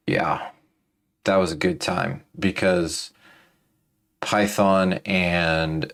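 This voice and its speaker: A man with a very low voice talks through a coding tutorial in a loose, rambling way. He sounds tired, and his sentences are full of fillers, restarts and asides. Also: a bit bright, smooth. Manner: rambling, thinking aloud with many fillers and restarts. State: tired, yawning. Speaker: programming tutorial host. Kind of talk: casual coding walkthrough.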